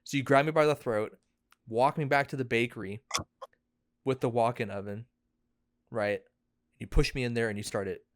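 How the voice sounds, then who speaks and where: A young man co-hosting a podcast, spinning a long profane hypothetical between fits of laughter and sudden shouts. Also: medium pitch, moderate pace, pauses often. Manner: rambling, profane, laughing storyteller who shouts when interrupted. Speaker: podcast co-host. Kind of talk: casual chat.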